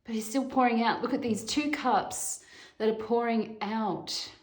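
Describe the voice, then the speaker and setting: A woman doing a casual tarot reading, thinking aloud in a slow, musing way. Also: fairly high pitch. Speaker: tarot reader. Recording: echoey room with clear background noise.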